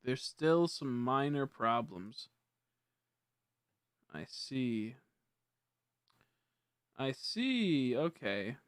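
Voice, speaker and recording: A man's voice: mid-range voice, big pitch swings, extremely slow, long pauses, clear, resonant tone, dry recording, clean studio sound. A young man casually chatting on a live stream, rambling and correcting himself, easily frustrated. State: hiccups.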